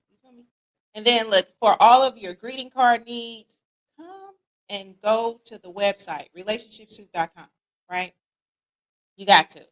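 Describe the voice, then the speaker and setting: A middle-aged woman hosts a casual livestream as a podcast host, reading out viewer comments. Her voice sits a bit high, and she's lively, slangy, and joking.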